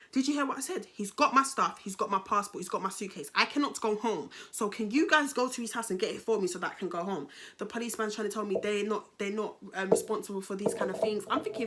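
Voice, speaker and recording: A young woman with a London accent tells her own story straight to camera. She talks in an animated, slang-filled way, turning to her viewers as guys. Her pitch sits at an ordinary middle height for a woman. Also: quick pace. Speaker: vlogger. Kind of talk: storytime vlog.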